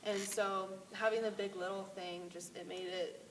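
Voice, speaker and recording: A teenage girl, a high school runner, chatting casually with relaxed, filler-heavy talk. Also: normal speed. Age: late teens. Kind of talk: casual interview answers. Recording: distant mic, faint hiss.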